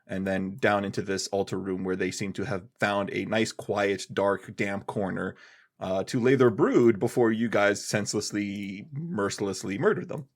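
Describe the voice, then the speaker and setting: A man's voice: fairly low pitch, normal speed. A man running a tabletop game as game master, who narrates playfully and often teases the players with a laugh.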